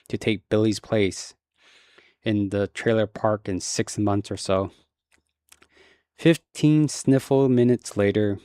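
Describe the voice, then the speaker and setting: A man reading a novel aloud in a casual, relaxed way, with occasional slips and restarts. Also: fairly low pitch, no echo, clean studio sound. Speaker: audiobook reader.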